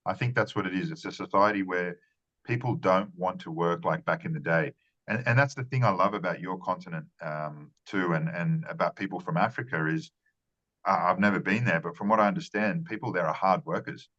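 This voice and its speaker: A man's voice: sits low, fairly quick, a bit bright, lo-fi sound. A man giving earnest conversational interview answers as a marketing strategist, often repeating words and restarting phrases.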